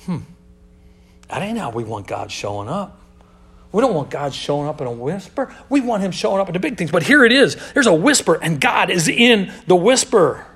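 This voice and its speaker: Young male youth pastor with a high voice. Casual sermon, loud stressed lines that drop to hushed asides. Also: sing-song, fairly quick. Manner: swings between loud emphasis and hushed, dropped asides; casual, talks to the audience as dude and man.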